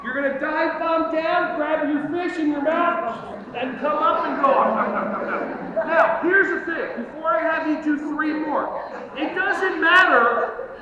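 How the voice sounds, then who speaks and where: High-voiced man coaching in echoey hall. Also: measured pace, crowd noise. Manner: energetic, joking, coaching a group through moves. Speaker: workshop presenter for teachers. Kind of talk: live fitness demonstration workshop. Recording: echoey hall, distant lo-fi mic, noisy.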